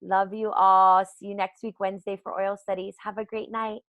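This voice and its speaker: A woman hosting a team business call, chatty and self-mocking and quick to laugh, talking into a computer mic on a live call. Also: mid-range voice, level tone, dry recording, phone-quality sound. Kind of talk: casual chat. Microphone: speaking into a computer mic on a live call.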